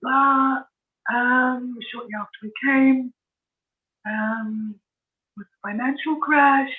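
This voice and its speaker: A woman's voice: high-pitched, fairly even intonation, slow. A woman from London with a British accent, a podcast guest talking about her life in a matter-of-fact way. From London, England. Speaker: guest, author. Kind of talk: casual interview chat. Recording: tinny phone-like line.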